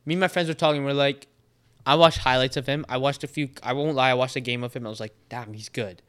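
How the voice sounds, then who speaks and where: A Canadian teenage soccer player telling animated stories in a casual podcast chat. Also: male voice, mid-range voice, quick pace, clear, resonant tone. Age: teens. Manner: animated storyteller, quotes trash talk.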